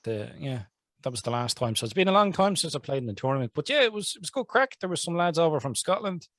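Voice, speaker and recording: A man's voice: a little high, big pitch swings, quick pace, fairly bright tone, slight background noise. A man with an Irish accent, a podcast co-host chatting casually, rambling and laughing often. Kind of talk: casual chat.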